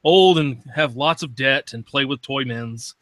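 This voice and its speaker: A man's voice: mid-range voice, a little slow, fairly bright tone, no room sound. A man in his late thirties in a casual podcast chat, chiming in with short, dry remarks. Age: 30s.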